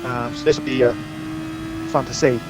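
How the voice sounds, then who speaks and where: A man's voice: mid-range voice, steady tone, moderate pace, very noisy. A man hosting a casual gameplay video, chatting and rambling as he plays with a friend. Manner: chatty, rambling, laughs easily. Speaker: gaming channel host. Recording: music and game sounds behind.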